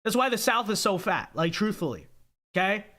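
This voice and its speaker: A young man from California runs a casual livestream and reads viewer comments out loud. His voice is bright and rather high for a man, and his pitch swings a lot as he drives his points home. He talks emphatically and keeps checking in with "okay?". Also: big pitch swings, brisk. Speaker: livestream host reading viewer chat.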